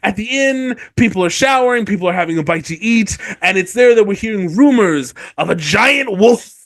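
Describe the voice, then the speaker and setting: A woman's voice: mid-range voice, expressive, brisk, no echo. A woman co-hosting a podcast, recapping book chapters in a rambling, profane way, correcting herself as she goes. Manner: rambling, profane, self-correcting, acts out characters. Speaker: podcast co-host.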